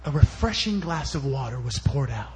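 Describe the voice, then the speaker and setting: A man preaching a sermon at a church service as a guest speaker, telling stories and swinging between loud bursts and soft asides. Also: medium pitch, big pitch swings, normal speed, a little hiss or hum.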